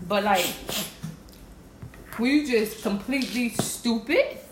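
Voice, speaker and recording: A woman talks in a casual back-and-forth, leaning hard on her words and saying them twice for weight. Her voice sits at an ordinary pitch. The room around her is echoey, with steady noise underneath. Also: takes it slowly. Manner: animated, emphatic, repeats herself. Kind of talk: casual chat about zodiac signs.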